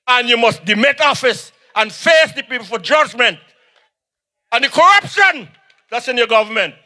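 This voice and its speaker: A man with a Vincentian accent delivers a campaign speech at an outdoor rally. He shouts, driving his points home with rhythmic repetition. His voice is very high and bright. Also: lively intonation, normal speed. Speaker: political speaker.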